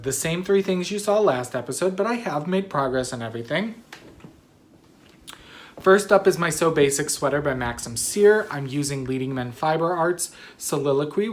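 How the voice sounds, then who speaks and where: Sleepy, rambling woman knitting podcaster. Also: sits low. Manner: rambling, chatty, apologetic. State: sleepy, yawning. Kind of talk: casual chat.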